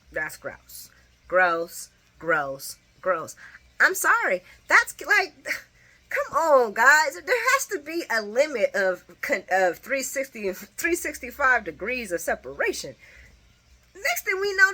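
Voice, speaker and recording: A woman's voice: sits high, very animated, moderate pace, bright, forceful tone. A woman giving a casual, opinionated recap of a soap opera, laughing often and cursing.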